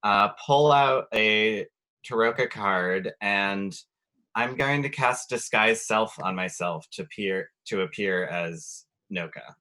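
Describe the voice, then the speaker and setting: Guy playing a tabletop game, slow and halting, bright tense voice. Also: on the low side. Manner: halting, thinking aloud. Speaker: player. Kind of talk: casual tabletop play.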